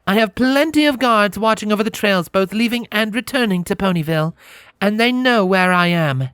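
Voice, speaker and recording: A stately pony princess of the night, put on by a man reading a storybook aloud, speaking in archaic, formal phrasing. The voice sits high above his own and swings lively through each line, recorded dry and close. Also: normal speed, clear, resonant tone, no echo. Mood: regal. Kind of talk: audiobook character voice.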